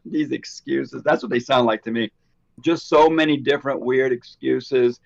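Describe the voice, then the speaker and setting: A man co-hosting a casual podcast chat, telling stories and acting out the quoted dialogue with lively energy. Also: mid-range voice, moderate pace, vocal fry, dull audio. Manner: animated storyteller, acts out quoted dialogue. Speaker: podcast co-host.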